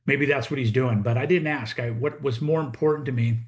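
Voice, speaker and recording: A man's voice: mid-range voice, a little fast. A middle-aged American man, a real estate coach, telling a story as a monologue and acting out both sides of the conversation. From United States.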